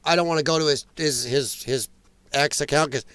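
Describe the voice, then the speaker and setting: A man's voice: a little high, brisk, a bit bright, smooth. A man hosting a political commentary livestream, ranting with strong opinions and reacting to viewer chat. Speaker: host.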